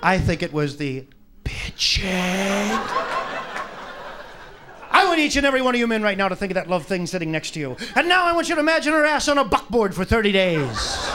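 A man's voice: very high-pitched, animated, quick pace. A man doing a stand-up comedy routine, brash, crude and mocking, in a noisy live club recording.

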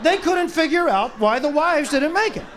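A man's voice: very high-pitched, lively intonation, normal speed, a bit bright. A man doing a stand-up comedy routine, brash, crude and mocking, in a noisy live club recording.

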